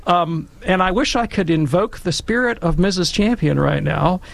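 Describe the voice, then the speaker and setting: Middle-aged man, gravelly and slightly high-pitched, animated storyteller who acts out scenes. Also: moderate pace, no echo. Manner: animated storyteller, acts out voices with sudden loud outbursts. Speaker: podcast guest speaker on Catholic scripture. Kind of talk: conversational storytelling and commentary.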